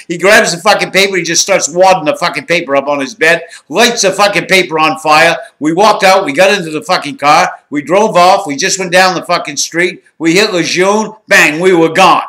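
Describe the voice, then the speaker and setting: A man's voice: on the high side, moderate pace, hardly any pauses, pushed and bright. A man in his sixties telling a raw, profanity-laden story in a blunt, candid monologue. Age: 60s. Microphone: home recording.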